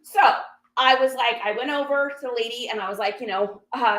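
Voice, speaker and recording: A woman reseller tells her viewers a story, talking casually and acting out other people's lines. Her voice sits high and swings widely in pitch. The room around her sounds echoey. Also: fairly quick. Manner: animated, acts out other people's lines in quotes. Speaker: reseller sharing a garage sale haul.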